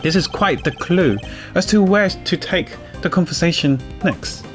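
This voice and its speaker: A man's voice: on the high side, big pitch swings, normal speed. A man giving casual gameplay commentary as a streamer, chatty with self-mocking asides. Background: faint game music.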